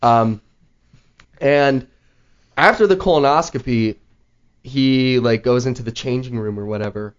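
Man, podcast host, rambling storyteller, fillers everywhere, mid pitch, slightly muffled sound. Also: unhurried, pauses often, clean tone. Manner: rambling, heavy use of "like", animated retelling. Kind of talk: casual storytelling chat. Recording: slightly dull lo-fi audio.

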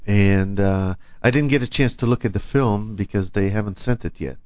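A man hosting a radio talk show in casual on-air chat, hesitant with frequent pauses and restarts. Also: on the low side, a little mellow, dry recording. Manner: hesitant, many ums and restarts. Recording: dry, dull lo-fi studio audio.

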